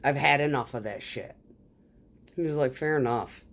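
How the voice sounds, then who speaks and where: A woman who drives a concrete truck rants casually about work in a rumbling low voice at normal speed. She is blunt and swears a lot, acting out the lines of the people she deals with in quoted dialogue.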